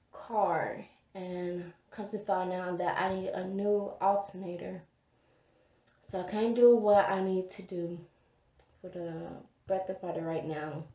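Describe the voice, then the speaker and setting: Young female vlogger, unhurried and low-pitched, rambling and tired, a little far from the mic. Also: mellow, highs cut off. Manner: rambling, many fillers, stressed and tired. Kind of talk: casual vlog talk to camera.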